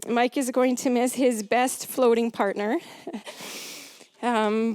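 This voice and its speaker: A woman's voice: a little high, darkish tone, no room sound. English woman reading a eulogy. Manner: measured, clears throat between passages. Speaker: family member reading tributes.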